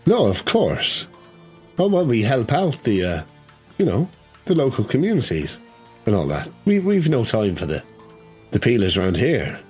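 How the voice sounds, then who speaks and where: A sly, smooth-talking Irish shopkeeper's wife, as a man plays her in a tabletop game. The voice is husky and lively in pitch, and it coaxes more than it asks. Faint music sits behind it. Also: measured pace, pauses often, exaggerated voice. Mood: coaxing.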